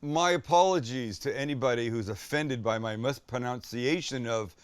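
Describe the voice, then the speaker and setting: A man's voice: mid-range voice, moderate pace, smooth, no echo. A middle-aged man from Canada hosting a casual, jokey cooking demo in a kitchen, chatty and self-deprecating. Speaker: cooking show host. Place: home kitchen.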